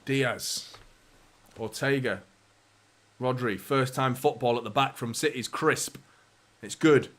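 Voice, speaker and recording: A man's voice: mid-range voice, takes it slowly, long pauses. Chatty man commentating live. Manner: chatty and casual, with mild swearing and banter. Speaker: fan channel host. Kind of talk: live match watchalong commentary.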